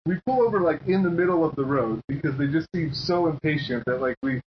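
A man co-hosting a podcast, telling a story in casual chat, animated and swearing, acting out what people said. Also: on the high side, a little fast. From United States. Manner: animated, swearing, acts out quotes. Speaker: podcast co-host. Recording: dull lo-fi podcast audio with faint hiss.

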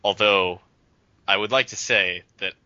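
Podcast co-host, man, very low voice, sharp edge, quick agreeing remarks, dull dry recording. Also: dry recording. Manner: short agreeing interjections, enthusiastic. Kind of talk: casual chat.

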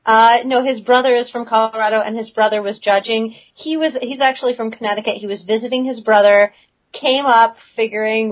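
A woman's voice: on the high side, steady tone, fairly quick. A chatty woman co-hosts a podcast and laughs easily. The audio is dull and muffled. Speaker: podcast co-host. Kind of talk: casual chat.

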